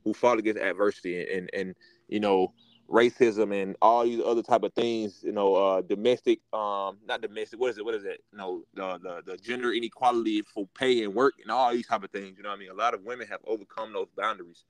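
Excitable man rambling about sports. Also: on the low side, brisk, no echo, low-quality recording. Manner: rambling, filler-heavy, excitable. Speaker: podcast co-host. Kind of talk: casual sports chat.

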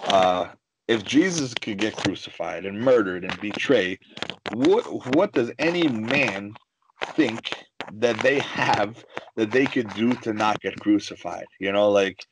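A man telling stories in a casual podcast chat, animated and swearing freely. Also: lowish voice, takes it slowly, noisy background. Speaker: guest, jiu-jitsu coach and fighter.

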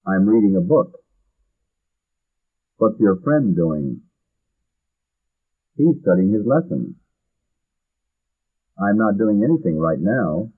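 A man reading English practice phrases slowly and clearly for learners, on a dull lo-fi vintage recording. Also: lowish voice. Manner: measured, carefully enunciated drill reading. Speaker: language teacher.

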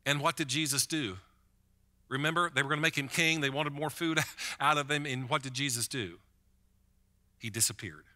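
Bright-toned pastor preaching conversationally. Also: male voice, medium pitch, moderate pace, pauses often. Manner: conversational preaching, repeats words when starting a thought. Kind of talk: sermon.

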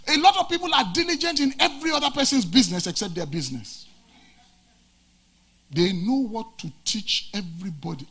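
Male pastor from nigeria preaching, high husky voice, goes loud then drops real low. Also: animated, moderate pace. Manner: preaching with dramatic swings of pitch and volume. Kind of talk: sermon.

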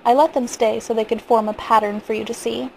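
A woman's voice: a little high, level tone, brisk, gravelly, a little mellow, slight background noise, poor audio. A woman reading as a brooding, exasperated father. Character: stern worried father of two.

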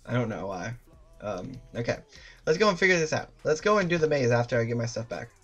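Gaming streamer, live commentary, constant swearing, self-deprecating, bouncy animated pitch, faint music behind. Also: quick pace, breathy edge, highs cut off. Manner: loud sudden outbursts and laughter while playing.

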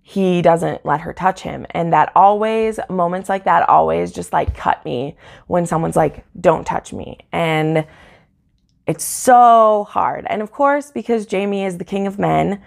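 A woman with a low, heavily gravelly voice talks through a book review on her channel. She rambles and gets emotional, filling her sentences with little hesitations. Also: unhurried. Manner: rambling and emotional, heavy on fillers like "like" and "um". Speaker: book YouTuber. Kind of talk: casual book review chat.

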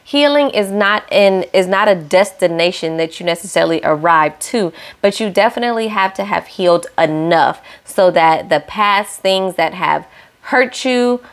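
A woman's voice: mid-range voice, lively intonation, moderate pace. A young woman hosting a casual reality-show recap, sassy and opinionated, scolding the cast directly.

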